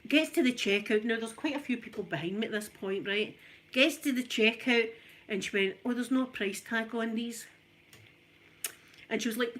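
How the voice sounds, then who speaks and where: A middle-aged Scottish woman chatting and telling a funny story while she irons, animated and laughing often. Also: medium pitch, a little fast. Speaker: ASMR channel host. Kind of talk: casual storytelling while ironing.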